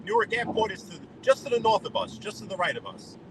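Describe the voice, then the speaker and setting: He talks quickly in a high voice that swings widely in pitch, a New York man chatting with live-stream viewers while driving. Between greetings to viewers by name, he rambles across topics, with road and traffic sounds in the car.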